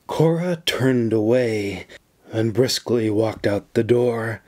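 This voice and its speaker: A man narrating an audiobook in a measured, unhurried way. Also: on the low side, lively intonation, a little mellow. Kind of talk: scripted narration.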